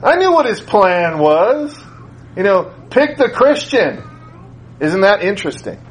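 A man's voice: high-pitched, sing-song, measured pace, poor audio. A man preaching a sermon in a conversational way, repeating phrases for emphasis. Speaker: school teacher.

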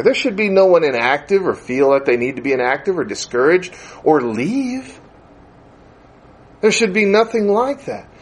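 Middle-aged male preacher with a slightly high voice, chatty sermon delivery. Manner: conversational, animated, acts out quoted voices.

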